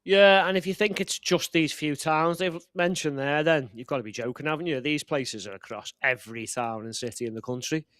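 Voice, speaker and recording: A man's voice: fairly high pitch, brisk, few pauses, a bit bright, dry recording, clean studio sound. A man hosting a satirical commentary show, ranting in a sarcastic, indignant way. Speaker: show host.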